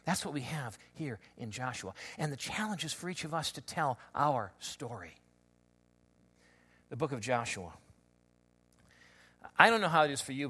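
Bright-voiced man preaching a sermon. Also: mid-range voice. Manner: conversational, animated storytelling with many restarts. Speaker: pastor.

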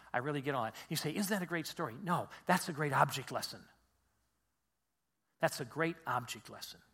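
A male preacher with a high, bright voice delivers a sermon in an easy, conversational way. He leans hard on key phrases and repeats them for stress.

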